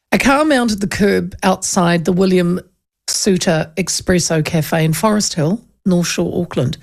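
A woman's voice: on the low side, gravelly. A middle-aged woman with a New Zealand accent, hosting a show and telling stories in a chatty way, laughing often. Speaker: radio host. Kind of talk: casual chat.

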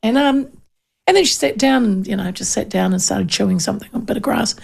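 A middle-aged New woman hosting talk radio, chatting in an animated, storytelling way. She keeps correcting herself in the middle of a sentence. Her voice has a gravelly, fry-tinged edge at a middle pitch. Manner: animated, chatty, self-interrupting with quick corrections. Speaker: radio talk show host.

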